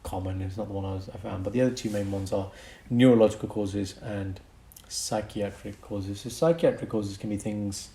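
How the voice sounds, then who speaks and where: A man's voice: on the low side, fairly even intonation, normal speed, hardly any pauses, warm tone. A man co-hosting a casual podcast, explaining medical conditions and chuckling between points.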